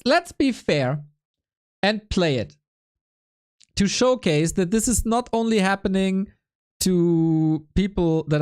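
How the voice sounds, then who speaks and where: Unhurried, lively woman caster. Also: sits low. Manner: laid-back, self-mocking, laughs often. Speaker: esports caster. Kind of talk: casual stream chat.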